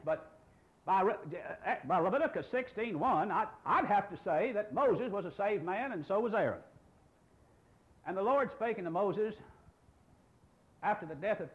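Older male pastor in his 60s, high animated voice, emphatic sermon delivery, muffled lo-fi recording. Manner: emphatic preaching with rhetorical questions.

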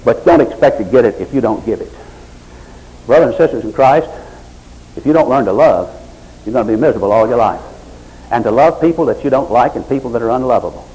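A middle-aged male pastor preaching a sermon, swinging from loud, high exhortation to low, quiet pleading. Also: lively intonation, fast, pauses often, low-quality recording.

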